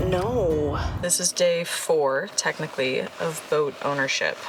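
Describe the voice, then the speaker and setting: A young woman vlogging to camera, talking softly and anxiously, with sighs and nervous laughs. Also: sits low, slow pace, over music. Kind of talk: casual vlog to camera.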